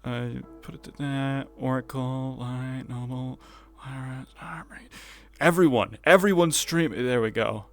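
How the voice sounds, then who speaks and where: A man's voice: mid-range voice, steady tone, unhurried, few pauses, faint music behind. A man streaming a VR roleplay, chatting to his viewers in a loose, rambling way and laughing to himself. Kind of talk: casual VR roleplay stream chat.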